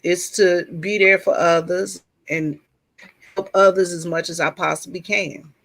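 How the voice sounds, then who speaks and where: A woman in a casual group chat telling a personal story in an earnest, open way, pausing and restarting as she goes. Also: lowish voice, fairly even intonation, creaky, a bit bright, poor audio. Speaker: chat room participant.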